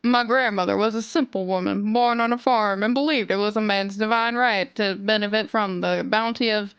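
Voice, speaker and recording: A woman's voice: medium pitch, steady tone, fairly bright tone, clean tone, no echo, highs cut off, natural voice. A woman voicing a pompous, showy male lawyer in a put-on Southern US drawl, reading a script dramatically. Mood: grandstanding. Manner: slow, drawn-out, grandstanding speech.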